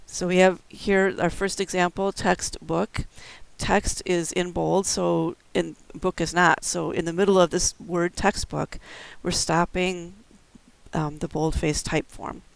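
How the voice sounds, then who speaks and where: A man with a slightly high, gravelly yet clear voice teaches in a careful, step-by-step way, pausing on the odd filler. The recording is dry and close, with no room sound. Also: flat delivery, dry recording, rough recording. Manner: methodical, explaining step by step with fillers. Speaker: braille instructor. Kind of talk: recorded instructional lecture.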